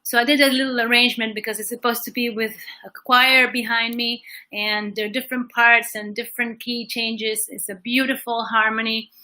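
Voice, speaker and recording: A woman's voice: a little high, little pitch movement, normal speed, pushed and bright, low-quality recording. A woman hosting a casual livestream, a singer and coach telling stories fluently with occasional fillers.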